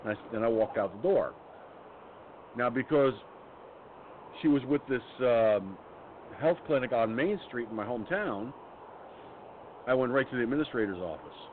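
Ranting through a personal story, this radio talk show host is blunt, angry and profane. His mid-range voice has lively intonation, a moderate pace and frequent pauses, heard over a phone-like line with faint noise.

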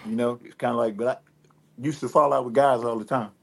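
A rapper with a Detroit accent, guesting on a radio interview, talks in a relaxed, rambling way full of fillers and restarts. His mid-range voice is gravelly and fairly quick, and the talk is casual interview conversation.

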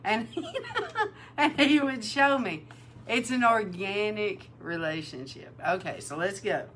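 A woman minister giving a sermon-style testimony, animated and emotional, acting out the dialogue in her story. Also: mid-range voice, a little slow, a little hiss or hum. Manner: emotional, near tears. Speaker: prophetic minister.

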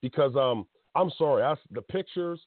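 A man's voice: medium pitch, animated, moderate pace, dry recording. A man in his thirties hosting a call-in wrestling show, ranting bluntly and emotionally with laughs and restarts. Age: 30s. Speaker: podcast host. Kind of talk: casual call-in wrestling talk. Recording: dry phone-line sound.

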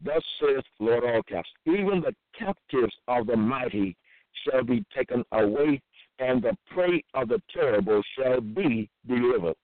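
Male preacher reading scripture in a sermon, measured delivery, lo-fi phone-line quality. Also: mid-range voice, expressive, dry recording. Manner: reads verses slowly with repeated asides. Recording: tinny, phone-like dry audio.

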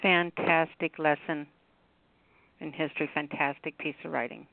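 Man on a call, gravelly voice, slow appreciative remarks, phone-line sound. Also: a little high, steady tone, no echo.

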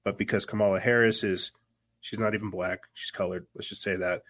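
A man from the United States hosts a podcast of casual political commentary. His voice sits rather low, and he rambles, circling back and repeating words with plenty of fillers. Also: fairly even intonation, brisk, fairly bright tone. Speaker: podcast host.

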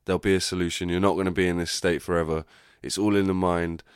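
A young man hosts a podcast, rambling through a candid, reflective monologue and cursing freely. He talks fast in a low, level voice that's clear and resonant, captured in echo-free studio quality.

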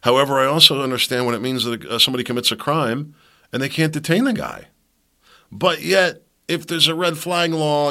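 A man hosting a podcast from his basement, with a gravelly, crackly edge to a low voice. His tone is bright and sharp. He rambles through his points, restarting sentences and trailing off. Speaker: podcast host. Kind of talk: casual opinion monologue. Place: home basement.

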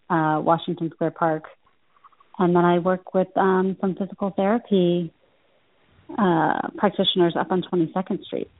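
A woman's voice: lowish voice, no echo. A woman from Central Ohio, a nutrition practitioner, chatting as a guest in an interview and laughing often. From Central Ohio, USA. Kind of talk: casual interview chat. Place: New York City. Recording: tinny phone-like line.

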